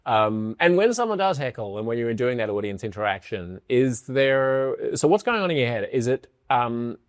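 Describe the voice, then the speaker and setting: A man hosting an interview in relaxed conversation, asking long, searching questions and affirming his guest. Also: medium pitch, moderate pace, no echo, clean studio sound. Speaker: podcast host.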